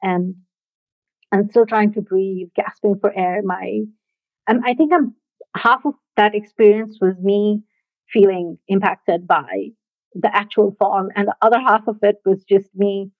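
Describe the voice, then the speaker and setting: A woman recounts a personal story in a relaxed, reflective way, pausing and laughing softly between thoughts. Her voice comes through thin and phone-like. The sound is dry and close, with no room around it. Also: mid-range voice, dry recording.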